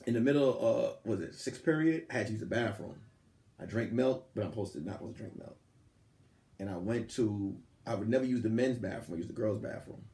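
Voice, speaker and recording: A man hosting a podcast, telling a story in casual chat and acting out the quotes. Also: creaky. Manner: animated, acts out quotes with big jumps in pitch. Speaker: podcast host. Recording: roomy echo.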